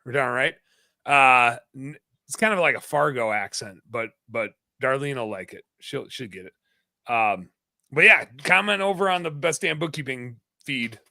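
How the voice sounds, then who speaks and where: A man's voice: mid-range voice, moderate pace, vocal fry, pushed and bright, no room sound. A man hosting a podcast in casual chat, joking, laughing often and reading listener comments aloud. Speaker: podcast host.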